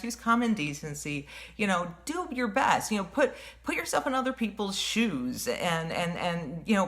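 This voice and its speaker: A woman telling a personal story in a casual vlog, animated and rambling, full of fillers and restarts. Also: on the low side. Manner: says she has a wicked tongue. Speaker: vlogger.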